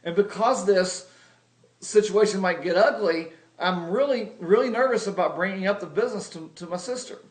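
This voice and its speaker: A man's voice: high voice, normal speed, roomy sound. A man giving a humorous, self-deprecating sales lesson, telling stories with comic exaggeration. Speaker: video blogger teaching sales.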